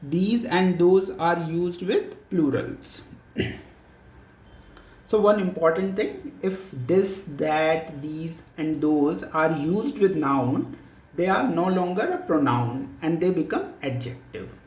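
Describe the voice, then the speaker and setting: A teacher giving a recorded grammar lesson, explaining slowly and deliberately with many examples. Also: medium pitch, animated, a little mellow. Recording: echoey room.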